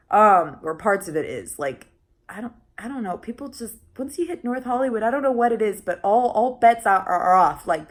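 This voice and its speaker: A young woman talking casually in a vlog, chatty and full of restarts and fillers, laughing often. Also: mid-range voice. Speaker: vlogger.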